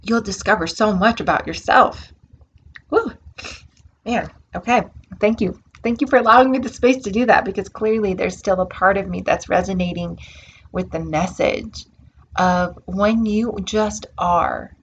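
A woman's voice: mid-range voice, moderate pace, breathy edge, lo-fi sound. A woman hosting her own podcast, talking earnestly in a reflective, spiritual self-help monologue and repeating words for emphasis. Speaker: podcast host.

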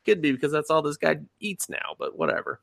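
A man co-hosting a podcast, recapping a show in loose, profane chat and jumping into quick voices for the characters. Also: fairly high pitch, wildly swooping pitch, gravelly, fairly bright tone, no room sound, clean studio sound. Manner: profane, rambling, acts out quotes in sudden voices. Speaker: podcast co-host. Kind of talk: casual anime recap chat.

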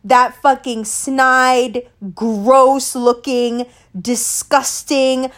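A woman's voice: a little high, expressive, moderate pace. A young woman hosting a casual podcast, ranting angrily with heavy cursing and emphatic repeats. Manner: angry, profane, emphatic ranting. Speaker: podcast host.

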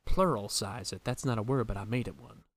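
A man's voice: fairly low pitch, fairly quick. A young man co-hosting a casual podcast, joking loosely and swearing freely. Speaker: podcast co-host. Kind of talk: casual chat.

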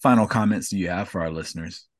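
Deep-voiced male podcast host. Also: quick pace, no room sound. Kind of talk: casual podcast interview.

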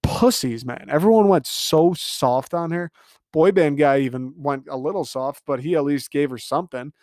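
A man's voice: a little high, normal speed, darkish tone, no room sound. A young man hosting a podcast, recapping a reality dating show in a casual, profane, sarcastic rant full of mocking asides. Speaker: podcast host.

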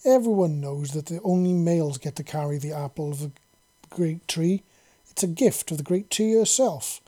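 A man's voice: on the high side, normal speed, dark tone, natural voice. A man voicing a fierce female reptilian alien commander who speaks in a commanding, accusing way. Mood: indignant.

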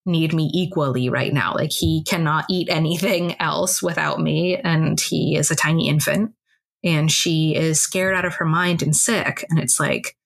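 A podcast co-host with a low voice, fairly even intonation and some vocal fry tells a personal story. She talks fast in a casual, chatty way, leaning heavily on "like" as a filler.

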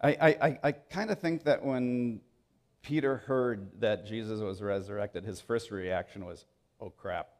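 A man preaching a sermon, telling the story with animated swings between loud bursts and hushed moments. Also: fairly low pitch, a little slow. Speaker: pastor.

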